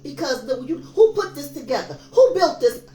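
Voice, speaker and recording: Woman in her fifties, tarot reader, preachy and emphatic, high voice, echoey room with soft music behind. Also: very animated, moderate pace. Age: 50s. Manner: emphatic, preachy, addresses viewers as y'all. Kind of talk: casual tarot reading monologue.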